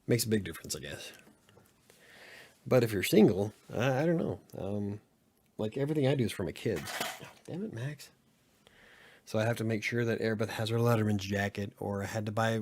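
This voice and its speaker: A man's voice: fairly low pitch, darkish tone. A middle-aged man from Utah, hosting a casual late-night podcast chat, talking candidly and rambling with plenty of swearing and filler words. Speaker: podcast host.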